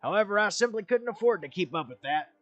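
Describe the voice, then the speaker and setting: A man doing a genial landlord with a folksy Western drawl, courteous and a little old-fashioned in how he talks. The voice sits a touch high for a man, and faint music plays underneath. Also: animated, quick pace, a bit bright, dry recording, dull audio. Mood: polite. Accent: put-on American Western.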